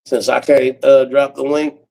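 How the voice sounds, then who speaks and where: A man in his forties doing a profane comedic rant on a livestream, breaking into cackles and swinging from loud outbursts to low mutters. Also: little pitch movement, unhurried, gravelly, rough recording. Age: 40s.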